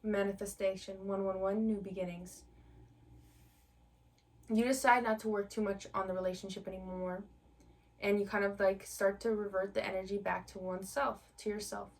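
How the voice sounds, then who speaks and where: A woman leads a collective tarot reading, speaking straight to her viewers in a loose, conversational flow full of fillers. Her voice sits at a middle pitch for a woman. The mic is set a bit back from her, so she sounds slightly distant. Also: level tone, normal speed. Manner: chatty, conversational, many fillers. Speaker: tarot reader.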